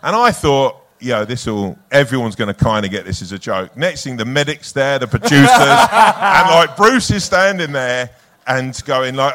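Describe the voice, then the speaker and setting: A man in relaxed conversation, recounting pranks from set with plenty of curse words. He breaks into laughter as he talks and his voice sits in an ordinary middle pitch. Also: moderate pace. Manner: swearing, laughing anecdote teller. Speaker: podcast guest, actor. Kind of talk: casual chat.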